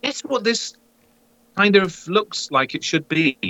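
A middle-aged man gushes about a hazy beer in casual chat. His voice is high and bright, swings widely in pitch, and sounds dry and close to the mic. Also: takes it slowly, no echo, poor audio. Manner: enthusiastic, expressive, says mate. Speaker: podcast co-host reviewing beers.

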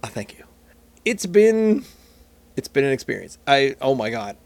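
A man's voice: mid-range voice, very animated, a little slow, gravelly, a little mellow, no room sound. A man hosting a casual beer podcast, rambling and joking at himself as he tastes. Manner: rambling, jokey, self-mocking. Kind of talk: casual solo chat while tasting beer.

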